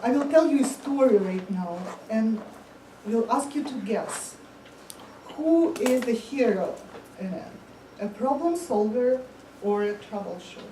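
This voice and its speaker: A woman who is not a native English speaker delivers a prepared humorous club speech in a high, lively voice. She tells her story slowly and expressively. The sound carries from across an echoey meeting room with faint room noise. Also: distant mic.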